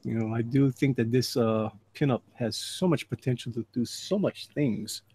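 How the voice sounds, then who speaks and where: A livestream host and artist with a warm, husky, mid-range voice speaks at normal speed during a live drawing stream. He chats casually with call guests and reads chat messages aloud in a laid-back way.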